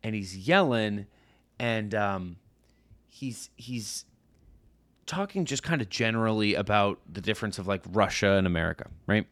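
Fairly low in pitch and at normal speed, with no echo, a thirty-something male podcast co-host relates a casual story. He brings it to life by acting out the characters and mimicking the voices he overheard.

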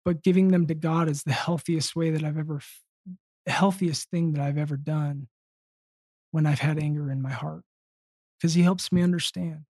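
A man telling a personal story in casual conversation, earnest and halting with frequent restarts. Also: fairly high pitch, steady tone, darkish tone, no room sound. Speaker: podcast guest.

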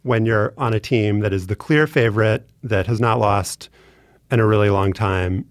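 A man hosting a podcast, introducing a guest and asking relaxed, chatty questions. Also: fairly low pitch, moderate pace, no room sound, clean studio sound. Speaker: podcast host. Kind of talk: casual podcast interview.

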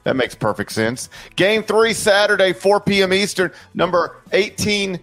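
A man's voice: high voice, measured pace, soft background music. A man co-hosting a casual sports podcast, reading out game picks and joking with a straight face. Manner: dry, joking deadpan. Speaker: podcast co-host.

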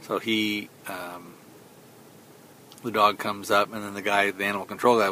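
A man's voice: fairly low pitch, steady tone, moderate pace, pushed and bright, a little hiss or hum. A man hosting a podcast, casually retelling a film's plot in a rambling way, with many fillers and quoted lines. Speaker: podcast host. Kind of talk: casual film review recap.

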